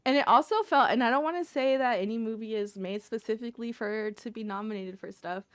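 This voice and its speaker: A woman's voice: on the high side, brisk, clean tone, no echo, clean studio sound. A woman co-hosting a casual chat among friends, blunt and joking, laughing often. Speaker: podcast co-host.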